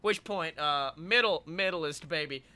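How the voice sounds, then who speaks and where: In a casual podcast chat, this young male co-host tells funny stories with plenty of swearing, acting out what people said. His voice has a fairly high pitch and he speaks a little slowly. His storytelling is animated.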